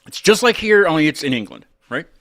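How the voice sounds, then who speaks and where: A man's voice: on the high side, very animated, brisk, a bit bright, no room sound, studio quality. A man from West Virginia hosting a live show, chatting casually and laughing often. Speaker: show host.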